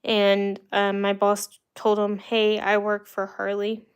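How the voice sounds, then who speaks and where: A woman's voice: mid-range voice, completely flat delivery, slow, smooth. A young woman from the United States hosting a livestream, telling rambling personal stories in a chatty, casual way with the odd laugh. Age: young adult. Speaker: livestream host. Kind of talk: casual storytelling to live viewers.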